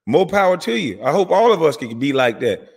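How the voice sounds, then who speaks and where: A man's voice: very animated, darkish tone, slightly rough, in a large hall. A man delivering an angry, profane commentary rant as host of his channel. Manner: heated, profane, rapid swings in pitch and volume.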